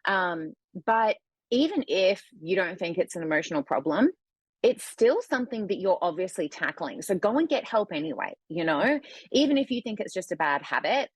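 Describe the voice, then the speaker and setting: A woman with a low, husky voice talks candidly in a relaxed podcast chat. Her delivery is dry and close, with no room sound around her. She often slips into lively quoted voices to make her point. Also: normal speed, no echo. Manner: candid, animated when acting out quotes. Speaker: guest, food coach. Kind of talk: casual conversation.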